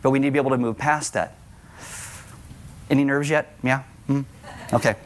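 A man's voice: mid-range voice, steady tone, normal speed, slight background noise. A middle-aged man preaching a sermon to a congregation, conversational, with joking asides. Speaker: pastor.

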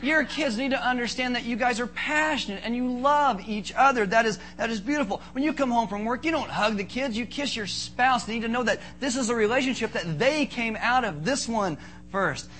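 Animated, bright-voiced male pastor. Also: extremely high pitch, brisk, a little hiss or hum. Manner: joking, animated preaching with acted-out asides. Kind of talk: sermon.

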